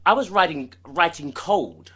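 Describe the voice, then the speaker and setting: A man with a fairly high, bright voice, chatting casually as the guest in an interview. He talks animatedly, with many restarts and repeated words. His tone is forceful and clear. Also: expressive, measured pace. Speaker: singer being interviewed.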